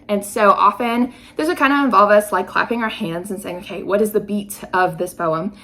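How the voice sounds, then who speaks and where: A woman in her thirties talks through her ideas as a podcast host, in a mid-range voice. She explains with everyday examples and lifts her voice sharply on key points. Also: mid-range voice. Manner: chatty, explains with examples, lively emphasis. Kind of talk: casual podcast teaching.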